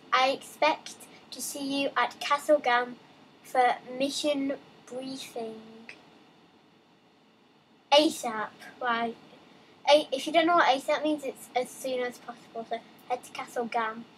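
A young woman casually commenting while playing a game, reading on-screen text aloud with excitable, chatty asides. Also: high voice, slow, a little hiss or hum, low-quality recording. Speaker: let's play gamer.

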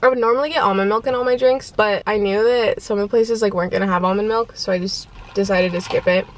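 A woman's voice: mid-range voice, steady tone, fast. A woman in her twenties chatting in a casual vlog from her car, bubbly and giggly, with lots of "like". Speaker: vlogger.

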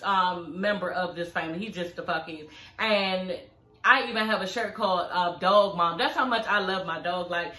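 A woman's voice: medium pitch, pushed and bright. Sassy, profane woman chatting in an echoey room. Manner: sassy, profane, chatty, addresses viewers as y'all. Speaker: reality TV recap vlogger. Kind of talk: casual recap commentary.

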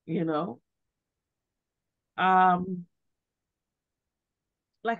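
A middle-aged woman, a guest on an interview, giving heartfelt advice in an animated way and acting out the questions she suggests. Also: a little high, measured pace. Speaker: interview guest, grieving mother. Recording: dull lo-fi sound.

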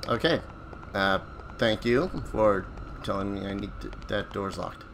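Man, let's player, wisecracking game commentary, jumpy exclamations, loud gunfire behind. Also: on the low side, a little slow, noisy background. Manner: joking, exclaiming, easily startled. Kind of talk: gameplay commentary.

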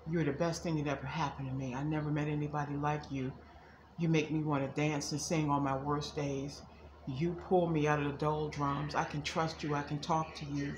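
Woman voicing a remorseful lover, low and soft. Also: level tone, moderate pace, roomy sound, noisy background, natural voice. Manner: soft, low, heartfelt confession. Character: remorseful lover begging forgiveness.

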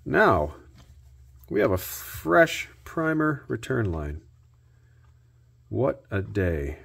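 A man hosting a repair video, narrating his work out loud with dry little jokes to himself. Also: on the low side, sing-song, drawn-out words, creaky, slight background noise. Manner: self-talk with dry jokes. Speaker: host.

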